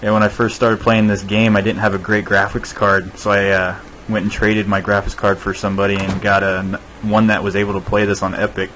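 A man hosting a gameplay video, chatting casually and relaxed with a fellow player. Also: lowish voice, a little fast, few pauses, slight background noise, rough recording. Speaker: host.

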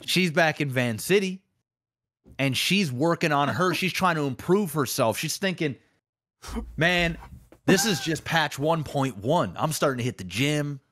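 A podcast host spins a long comic analogy in casual chat, rambling and restarting often. His voice is fairly high, expressive and a bit bright, and he takes his time.

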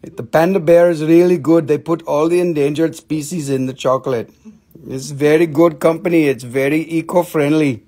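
A man's voice: on the high side, fairly even intonation, moderate pace, warm tone. A man selling rocks and minerals on a live stream, chatting in a playful, goofy, joking way. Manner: playful, goofy, clowning salesman banter. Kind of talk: joking live sales chat.

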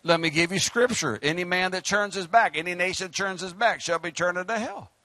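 A middle-aged man, preaching a fiery sermon as pastor, joking and then shouting his exhortations. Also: sits high, brisk, no echo.

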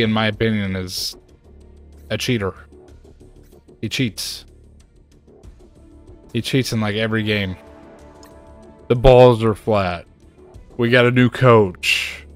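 Man, gaming streamer, casual chat, unhurried drawl, animated rants, music faint behind. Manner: animated ranting, jumps to high exclaims. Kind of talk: casual chat while playing a game.

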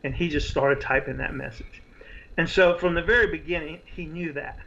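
A man, an author guest, telling his story in an earnest, animated conversational way. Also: fairly high pitch, moderate pace, vocal fry, muffled recording.

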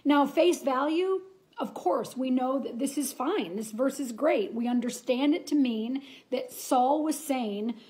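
A woman's voice: high-pitched, a little slow, dark tone. Earnest woman giving a chatty Bible tip. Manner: earnest, chatty, with frequent restarts and reading aloud. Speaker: Bible study teacher. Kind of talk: casual devotional teaching.

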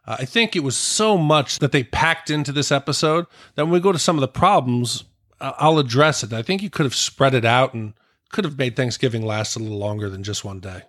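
A podcast co-host with a middle-pitched voice rambles along in a relaxed, casual chat, talking a little fast with easy fillers. The recording is close and dry.

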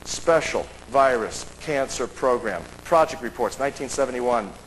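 A man telling a story to an audience, acting out the dialogue with raised voices and dropping to a hush. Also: expressive, normal speed, a little hiss or hum, poor audio. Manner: acts out dialogue with raised pitch, drops to a hush. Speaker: speaker at a seminar. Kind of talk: animated storytelling talk.

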